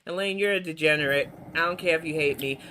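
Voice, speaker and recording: A woman's voice: low voice, quick pace, a bit bright, a little hiss or hum. A woman from New York hosting a reaction show, giving blunt, mocking commentary on video clips. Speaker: commentary host.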